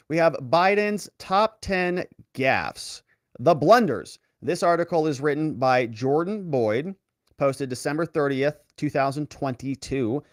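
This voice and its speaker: An attorney gives casual, sarcastic political commentary and reads articles aloud, his voice animated and swinging widely in pitch. The recording is studio quality with no echo.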